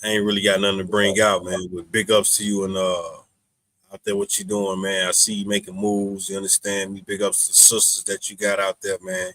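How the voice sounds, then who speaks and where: A man's voice: sits low, monotone, fairly quick, fairly bright tone. A man co-hosting a podcast in casual chat, emphatic and slangy, often checking the listener follows. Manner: emphatic, slangy, keeps asking "you understand". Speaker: podcast co-host.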